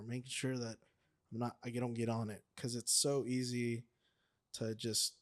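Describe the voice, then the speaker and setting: A man's voice: mid-range voice, level tone, moderate pace. A man co-hosting a casual podcast, talking in a reflective, agreeable way with many "you know" fillers. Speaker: podcast co-host. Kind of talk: casual chat.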